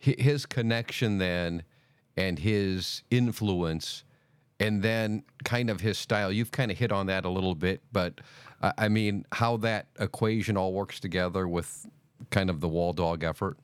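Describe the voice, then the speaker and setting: Deep smooth-voiced radio host. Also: male voice, measured pace, no room sound, clean studio sound. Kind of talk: radio interview.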